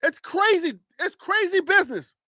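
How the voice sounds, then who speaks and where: High-voiced man giving emphatic advice. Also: expressive, moderate pace, pushed and bright, no echo, clean studio sound. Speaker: sports talk show host. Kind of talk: live-stream commentary.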